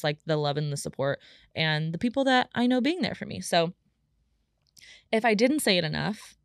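A young woman talks through a solo podcast episode in a rambling, heartfelt way, leaning on "like" between thoughts. Her voice sits on the low side. The studio sound is dry and close. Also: gravelly, dry recording. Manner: chatty and emotional, heavy use of "like". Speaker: podcast host.

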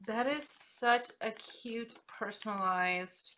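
Woman, crafting host, excitable unboxing chat, unhurried pace, steady background noise. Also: medium pitch. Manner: gushing, excitable, squeals over cute items. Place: home craft desk. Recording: clear background noise, paper crinkling.

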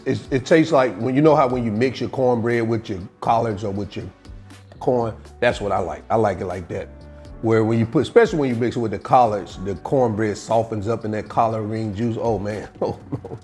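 A man hosting a casual home cooking video, chatting in a relaxed way as he tastes his dish. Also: fairly low pitch, moderate pace, faint music behind. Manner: laid-back, chatty, tastes food on camera. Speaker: home cook and channel host.

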